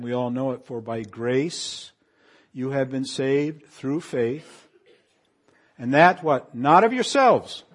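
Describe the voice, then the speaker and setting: A male pastor with a medium-pitched voice preaches a sermon, reading scripture aloud and moving between hushed lines and raised, emphatic passages.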